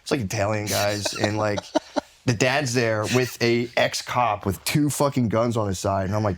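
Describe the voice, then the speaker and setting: A man's voice: fairly low pitch, normal speed. Man telling a rambling story. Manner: rambling, laughing, acts out others in quotes. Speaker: podcast guest. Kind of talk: casual podcast storytelling.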